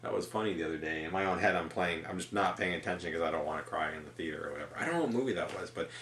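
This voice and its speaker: A man's voice: deep voice, racing, fairly bright tone, a little hiss or hum. A man co-hosting a casual podcast chat, rambling with lots of fillers. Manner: rambling, filler-heavy, laughing. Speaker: podcast co-host. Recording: roomy and distant from the mic.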